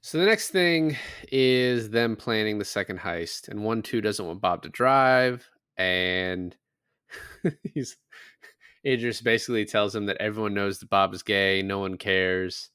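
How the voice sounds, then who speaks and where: Low, smooth-voiced man recapping a film. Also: measured pace, fairly bright tone, dry recording, studio quality. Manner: loose, swears freely, acts out quotes from the film. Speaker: podcast co-host. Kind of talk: casual film recap chat.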